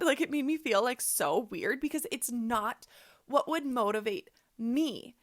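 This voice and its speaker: A young adult woman hosting a casual podcast as a coach, chatty and full of "like" with animated asides. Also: a little high, moderate pace, no room sound, studio quality.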